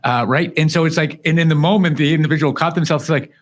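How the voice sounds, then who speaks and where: A man's voice: mid-range voice, fast, few pauses. A man hosting an interview podcast, reflecting thoughtfully and often adding "right?" as an aside. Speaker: podcast host.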